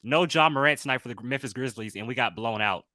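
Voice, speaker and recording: A man's voice: mid-range voice, quick pace, crowd noise. A man hosting a podcast, upbeat and chatty as he reads out listener comments. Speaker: podcast host. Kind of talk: casual podcast chat.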